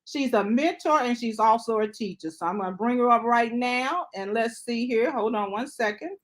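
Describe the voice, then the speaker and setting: A woman hosting a casual livestream chat. She is chatty and animated and tags her sentences with "okay?". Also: fairly high pitch, normal speed. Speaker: host.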